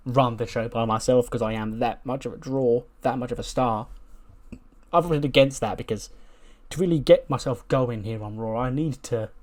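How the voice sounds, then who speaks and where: A man's voice: medium pitch, natural voice. A man voicing a boastful, brash male wrestling talk-show host who calls people lad and stumbles over his words.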